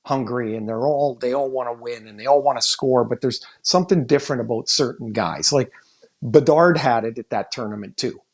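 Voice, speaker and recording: A man's voice: mid-range voice, brisk. A man co-hosting a hockey podcast, talking casually and candidly, thinking aloud with frequent restarts as he gives his analysis. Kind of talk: casual sports chat.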